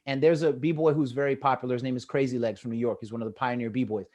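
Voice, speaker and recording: A man with an American accent telling lively stories in casual chat over a video call, acting out the quotes with a rising voice. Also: medium pitch, fast talker. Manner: animated, acts out quotes with rising voice. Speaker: guest storyteller.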